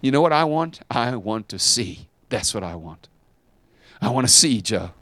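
Animated preacher man, quiet to shouting. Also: medium pitch, moderate pace, dry recording. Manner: dramatic, swings from quiet asides to shouting. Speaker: pastor. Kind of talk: sermon.

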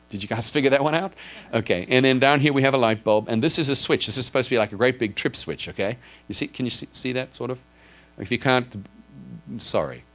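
A man's voice: mid-range voice, a bit bright. A man preaching a sermon to a congregation, earnestly explaining and asking his listeners direct questions. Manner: explains with a drawn board, asks if listeners follow. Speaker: pastor.

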